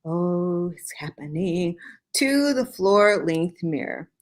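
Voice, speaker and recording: A woman with a low voice reads a story aloud at a slow, deliberate pace. Her delivery stays dry and steady, and she drops in the odd joking aside. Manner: dry reading broken by joking asides and laughs. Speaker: podcast host reading fan fiction aloud. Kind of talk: comedic dramatic reading with asides.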